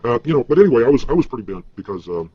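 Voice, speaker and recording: A man's voice: mid-range voice, sing-song, racing, slightly rough, no room sound, lo-fi sound. A man ranting in a rambling vlog, frustrated and profane, stumbling over fillers, heard from a replayed clip. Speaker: vlogger.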